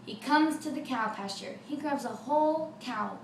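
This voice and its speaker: A woman telling a folk tale for children, with lively sound effects, in a roomy recording from a distant mic with faint noise. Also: on the high side, moderate pace, few pauses. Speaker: storyteller.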